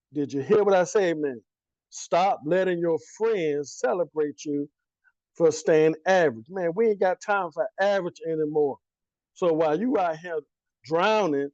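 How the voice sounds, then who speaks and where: A man coaching his listeners in a preachy motivational pep talk, talking straight at them in casual slang and answering his own questions. His voice sits high. The recording is dry and a little muffled. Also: darkish tone, dry recording.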